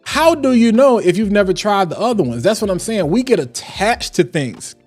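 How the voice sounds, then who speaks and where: A man reviewing fragrances on a casual live stream, talking in an animated, emphatic and slangy way. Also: high voice, moderate pace, soft background music.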